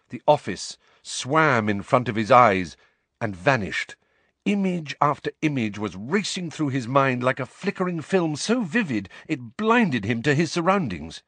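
A man reading a fantasy novel aloud as an audiobook narrator, measured and expressive. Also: mid-range voice, slightly rough, dry recording. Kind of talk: scripted storybook narration.

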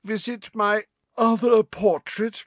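A man's voice: high-pitched, steady tone, slow pace, no echo, voice pushed up. A man reading an audiobook and voicing a reedy old wizard in a portrait who drawls in a bored, fake-weary way. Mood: drowsy feigned.

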